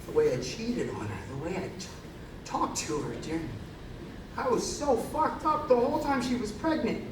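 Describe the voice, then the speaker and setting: High-voiced man telling a story on stage. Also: normal speed, noisy background. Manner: profane and animated. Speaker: singer. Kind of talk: storytelling between songs at a live show. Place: concert venue stage. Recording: echoey live concert hall from far off.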